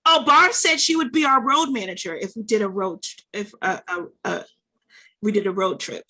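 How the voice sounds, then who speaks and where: A woman's voice: mid-range voice, moderate pace, sharp tone. A woman from the northern United States hosting a show, bantering playfully and laughing often. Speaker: show host. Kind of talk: casual chat.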